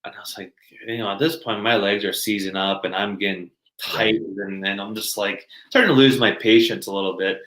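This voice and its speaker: In a recording with roomy echo, a podcast guest with a fairly low, steady, slightly bright voice tells casual stories at a brisk pace. He laughs often and uses plenty of fillers.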